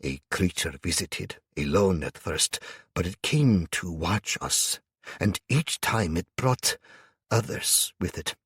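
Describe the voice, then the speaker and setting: Man doing a sorrowful older imam, audiobook, hushed, gentle, very slow, husky. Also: low-pitched, dry recording, clean studio sound, full character voice.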